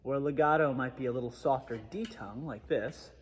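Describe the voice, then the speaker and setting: A man's voice: medium pitch, a little fast, long reverb tail. A man giving a methodical trombone lesson, explaining articulation step by step. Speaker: trombone teacher. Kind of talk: instructional music lesson.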